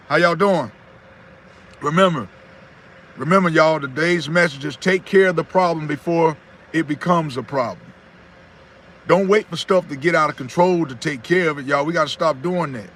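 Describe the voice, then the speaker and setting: A man's voice: fairly high pitch, normal speed, a bit bright, slight background noise. A man in his thirties giving folksy motivational talk on his own channel, repeating his points and greeting viewers by name. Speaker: YouTuber hosting a live stream.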